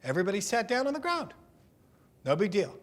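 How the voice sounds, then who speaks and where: A man interviewed for a documentary, telling stories in a lively, profane way and acting out what others said. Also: sits high, a little fast. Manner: lively, profane storyteller who acts out quotes. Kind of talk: animated anecdote storytelling.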